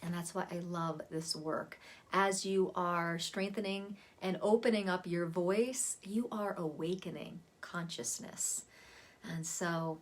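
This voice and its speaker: A woman vocal coach giving a relaxed, chatty lesson on voice warm-ups, talking to the camera from a seated spot at home. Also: fairly low pitch, slow pace. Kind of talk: casual spoken voice lesson.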